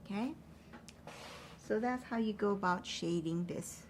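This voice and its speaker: A woman teaching an acrylic painting demonstration, thinking aloud as she paints in a relaxed way. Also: mid-range voice, a little slow, a little hiss or hum.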